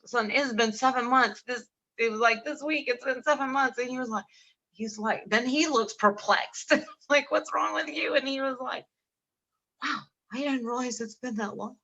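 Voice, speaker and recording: A middle-aged woman co-hosts a casual podcast, animatedly telling stories, acting out both sides of conversations and frequently laughing mid-sentence. Her voice is high-pitched at a moderate pace, with the highs cut off.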